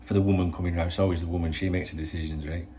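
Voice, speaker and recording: A man's voice: low-pitched, flat delivery, very fast, mellow, slight background noise. A man hosting a football channel, talking in a rambling, swear-laden opinion monologue full of rhetorical questions.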